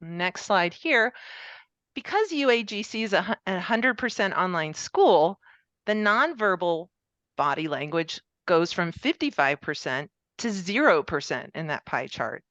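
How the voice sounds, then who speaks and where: A woman with a lower, smooth, clear voice gives a pre-recorded conference presentation. She explains her points steadily, with the odd "um" along the way. The sound is dry and a little dull. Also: big pitch swings, unhurried, a bit bright, no echo.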